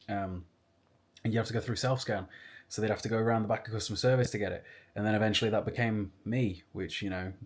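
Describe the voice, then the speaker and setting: Young guy, mid-pitched, casual storytelling vlog with rambling asides. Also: a little mellow. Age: 20s. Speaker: YouTuber.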